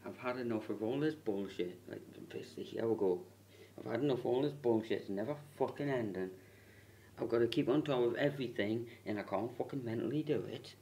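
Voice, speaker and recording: A man venting into his camera at home, swearing and shouting hard, with a lung problem straining his voice. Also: fairly quick, recorded from a distance, a little hiss or hum. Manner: low muttering, then furious screaming rant. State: lung problem, worried about losing voice. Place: bedroom at home, window closed. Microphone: camera in the room.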